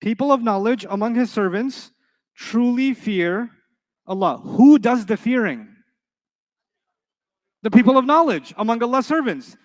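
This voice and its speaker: Lively higher-voiced man teaching a class. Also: unhurried, pauses often. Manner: lively, asks the class questions often. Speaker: Arabic teacher. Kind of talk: classroom grammar lesson.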